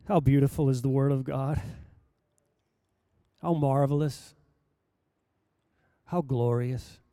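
An older man preaching, telling a personal story in a lively anecdotal way with acted-out quotes. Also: medium pitch, slow pace, clean tone, no room sound, clean studio sound. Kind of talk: sermon storytelling.

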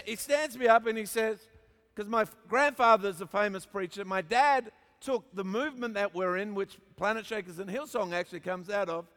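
High-voiced Australian preacher in a hall. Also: male voice. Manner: animated storyteller with jokes and asides to the congregation. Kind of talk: sermon with humorous storytelling. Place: large church auditorium. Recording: long hall reverb.

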